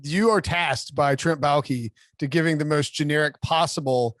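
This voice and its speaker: A man's voice: fairly high pitch, normal speed, a bit bright, dry recording. A man co-hosting a casual football talk show, wry and mock-incredulous. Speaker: co-host, football writer.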